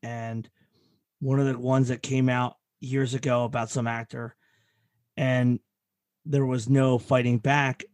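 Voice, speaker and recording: Guy hosting a chat, kinda halting, swears casually, mid voice. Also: mid-range voice, level tone, a little mellow, dry recording.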